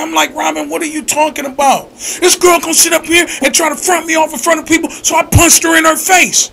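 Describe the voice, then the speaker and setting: A man hosting a call-in show, telling stories in an animated, emphatic way with bursts of shouting. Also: very high voice, a little fast, vocal fry, few pauses, a little hiss or hum. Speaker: radio show host. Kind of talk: casual call-in chat.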